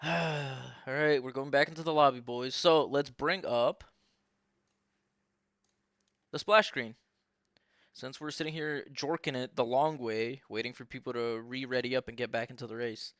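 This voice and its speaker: A man's voice: medium pitch, fairly even intonation, a little slow, long pauses, a bit bright, no echo, clean studio sound. A young man giving casual, profane, joking commentary on a sim race while bantering with his live chat.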